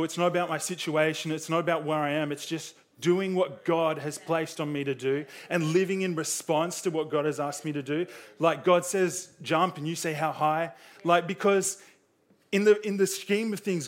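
A young man preaching a sermon in a casual, conversational way, full of fillers, acting out quotes with a raised voice. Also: fairly high pitch.

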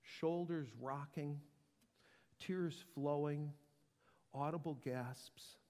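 A man preaching a sermon, dropping to a whisper and building to loud, emphatic passages. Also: mid-range voice, animated, normal speed, in a large hall. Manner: dramatic swings from whisper to loud. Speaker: pastor.

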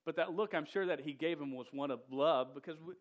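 A man's voice: fairly high pitch, brisk. A man preaching a sermon in a casual, slangy way, often stuttering and repeating the start of words. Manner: says "dude" and "y'all".

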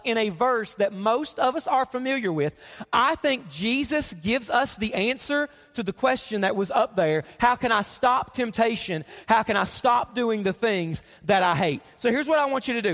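A man preaching from a church stage with a very high voice. He talks to the room like a conversation and drives his main points home by saying them again. A long hall reverb trails after each phrase. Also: fairly bright tone. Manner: conversational, repeats key lines for emphasis. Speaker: pastor. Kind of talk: sermon. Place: church auditorium.

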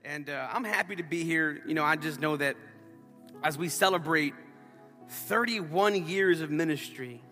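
A man preaching a sermon as pastor, telling a story in an animated, playful way. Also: a little high, unhurried, big-room sound, faint music behind. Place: church sanctuary.

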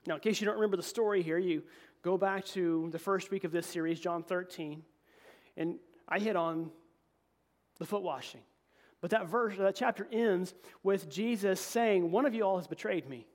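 A man preaching a sermon as pastor, reading scripture and swinging between emphatic peaks and quiet, low asides. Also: moderate pace. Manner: animated preaching, voice rising to emphatic peaks then dropping low.

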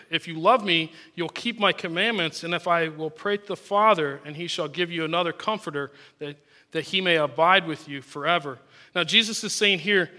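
High, bright-voiced male preacher. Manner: earnest, reads verses aloud and explains them. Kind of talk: sermon with scripture reading.

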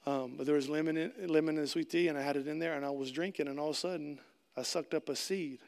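A man's voice: a little high, steady tone, fast. A middle-aged man preaching a conversational sermon, asking the congregation questions and acting out little scenes with jokes. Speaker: pastor.

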